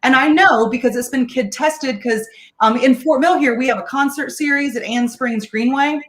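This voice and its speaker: Sharing meal tips as a guest on a relaxed live-stream cooking demo, this middle-aged woman speaks in a high voice at normal speed. She's upbeat and talkative, laughing frequently as she cooks in a home kitchen.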